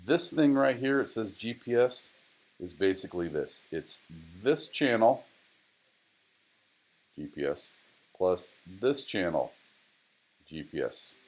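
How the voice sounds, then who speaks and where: A man with a deep, low voice walks through racing data on screen like an instructor. He is casual, repeats points for emphasis and grumbles at his tools as he goes. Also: lively intonation, slow pace, pauses often. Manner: casual, repeats phrases, talks to the software. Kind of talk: screen-recorded data analysis tutorial.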